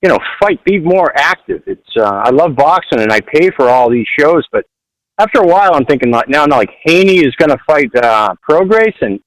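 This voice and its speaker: Male caller on a phone line from his car, somewhat high voice, dry sound, profane and rambling. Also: animated, brisk, no echo. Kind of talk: casual call-in chat. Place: in a car in traffic.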